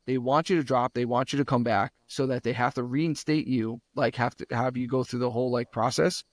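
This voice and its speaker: A man's voice: mid-range voice, steady tone, brisk, no echo. A young adult man co-hosting a podcast, telling a home repair story in casual, profane chat and acting out what others said. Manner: profane storytelling with acted-out quotes; rants loudly when worked up. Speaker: podcast co-host.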